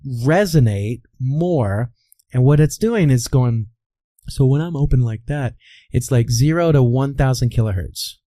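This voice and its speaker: A man's voice: medium pitch, lively intonation, unhurried, mellow, dry recording. A man from the American Midwest, a voice coach, explaining as an interview guest in a teacherly way, asking rhetorical questions and answering them himself. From Midwestern United States.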